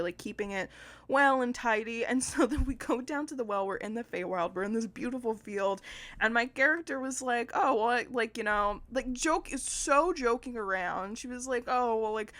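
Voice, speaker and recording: A young woman with a fairly high voice chats casually as a podcast co-host. She rambles through her story with constant fillers and the odd swear word, often breaking into laughter. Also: normal speed, fairly bright tone. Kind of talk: casual chat.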